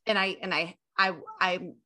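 A young woman hosting a podcast chats casually, her voice bright and forward yet on the low side, with a flat delivery at a normal speed. She gushes, stresses her words heavily, and swears without holding back.

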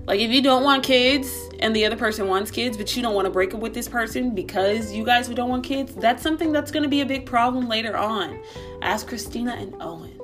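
A woman's voice: fairly high pitch, a little fast, a bit bright, soft background music. A woman hosting a podcast who gives relationship advice in a chatty, bubbly way, full of asides. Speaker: podcast host. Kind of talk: casual relationship advice chat.

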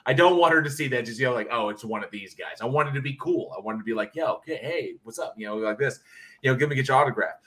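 A man's voice: medium pitch, rapid-fire, fairly bright tone. A man co-hosting a podcast in casual chat, telling rambling stories and laughing often. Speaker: podcast co-host.

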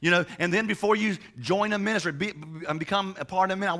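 A man's voice: high voice, quick pace, fairly bright tone. A young adult man, a pastor, preaching a sermon in a chatty storytelling way with many restarts.

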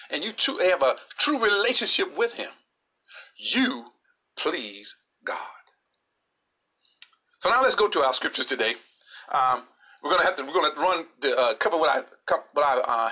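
A man delivering a sermon in a bright, high voice. His pitch swings widely, soaring and dropping, and he often restarts phrases as he reads scripture. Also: breathy edge. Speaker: preacher.

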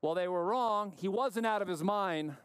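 A man with a high, crisp voice delivers a sermon in a dry, close-miked sound. He speaks emphatically, asks pointed questions, and sinks low and slow for weight. He sounds middle-aged. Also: a bit bright, no room sound. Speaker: pastor.

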